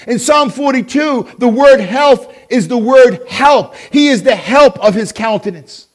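A man preaching a sermon as pastor, impassioned, swinging from loud shouting to low, quiet intensity. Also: animated, measured pace, few pauses.

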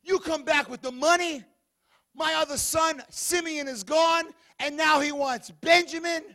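A man acting out an old father who is anguished and shouting at his grown sons. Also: very high-pitched, fairly even intonation, a little slow, voice pushed up, full character voice.

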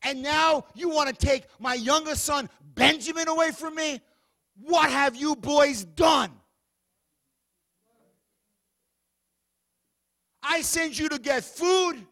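A man acting out an old father who is anguished and shouting at his grown sons. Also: extremely high pitch, unhurried, voice pushed up, full character voice.

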